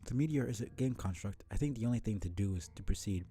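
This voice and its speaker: A man's voice: lowish voice, lively intonation, fast talker, mellow, faint music behind, natural voice. Man reading as a dry, wordy teenage girl. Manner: wordy, dry, mildly sardonic. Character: verbose aloof teenage girl, dryly condescending.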